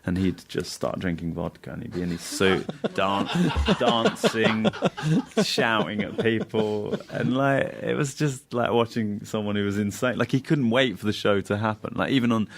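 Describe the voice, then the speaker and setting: A man with a low voice and a gravelly edge tells rambling stories in a relaxed podcast chat. He laughs often and drops into quick impressions of his friends as he goes. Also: slight background noise. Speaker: comedian guest.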